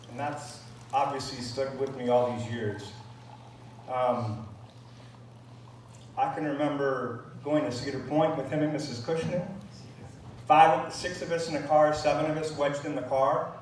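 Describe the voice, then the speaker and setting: A man's voice: mid-range voice, steady tone, a little hiss or hum. Man giving a eulogy in an echoey room. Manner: reminiscing, halting with fillers. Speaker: eulogy speaker. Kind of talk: memorial speech. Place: large room at a gathering. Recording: distant mic in echoey room.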